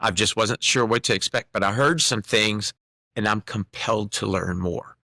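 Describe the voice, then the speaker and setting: A middle-aged man telling an animated personal story as a podcast guest, acting out the voices of the people in it. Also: on the low side, normal speed, no room sound. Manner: animated testimony with quoted dialogue. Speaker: guest singer-songwriter.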